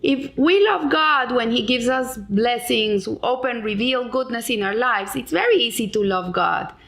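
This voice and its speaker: A woman's voice: on the high side, a little slow, creaky, fairly bright tone. A middle-aged woman explaining a weekly Torah lesson in an earnest way, with frequent restarts and Hebrew terms. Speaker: Torah teacher.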